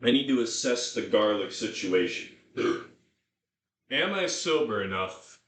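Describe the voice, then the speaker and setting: Cooking at home on a live stream, a beer-drinking man chats aimlessly, curses freely and addresses his dog. His voice is on the lower side with big swings in pitch, an unhurried pace and a fairly bright tone, captured from afar in a spacious kitchen.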